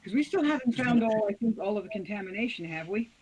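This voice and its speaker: A man's voice: sits high, expressive, quick pace, crowd noise, low-quality recording. A man playing in a tabletop game, asking unsure questions. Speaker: player. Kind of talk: casual tabletop chat.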